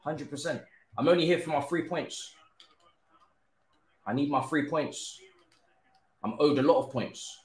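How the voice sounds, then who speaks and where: A young man streams a football game live, talking slowly between bursts of shouting and swearing at the players. His voice sits at a middle pitch and bounces around an echoey room. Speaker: gaming streamer. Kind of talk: live gameplay commentary.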